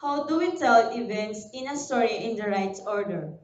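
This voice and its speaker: A woman's voice: on the high side, lively intonation. A woman from the Philippines with a Filipino accent, teaching a recorded lesson to young pupils and spelling words out letter by letter. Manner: slow, deliberate classroom delivery, spelling words letter by letter. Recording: dull, roomy sound, voice a bit far from the mic.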